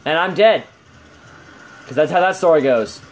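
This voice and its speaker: A young man with a high voice keeps up easy gaming commentary with friends. He banters playfully and breaks into laughs, talking loosely while he plays. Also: normal speed. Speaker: channel host and gamer.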